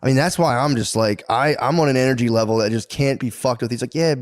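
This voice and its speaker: A man's voice: medium pitch, fast, no echo, clean studio sound. A man co-hosting a podcast in casual chat, rambling and profane, laughing often as he talks. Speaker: podcast co-host.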